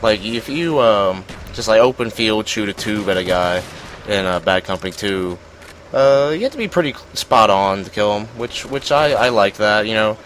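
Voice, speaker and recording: A man's voice: lowish voice, expressive, normal speed, fairly bright tone, slight background noise, poor audio. A young man giving casual gameplay commentary, rambling and self-deprecating, with lots of fillers and restarts. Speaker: gaming commentator.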